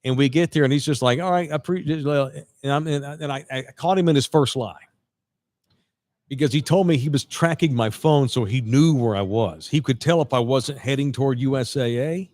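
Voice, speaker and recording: At a moderate pace, a medium-pitched podcast host recounts a lengthy tale in relaxed conversation, without echo. He's an animated storyteller who voices both sides of the dialogue and keeps restarting his sentences.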